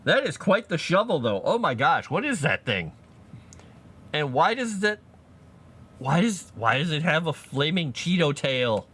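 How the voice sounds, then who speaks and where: A man chatting casually with his live-stream audience while writing fantasy lore, animated and quick to laugh. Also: a little high, breathy edge. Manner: animated, chatty, laughs often, talks to chat.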